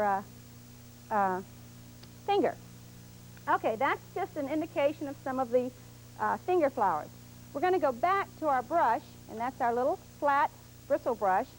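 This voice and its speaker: A woman with a high, light voice gives a painting lesson on television. She talks through each stroke patiently and step by step as she works, in a studio setting. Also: a little hiss or hum, low-quality recording. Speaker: painting instructor.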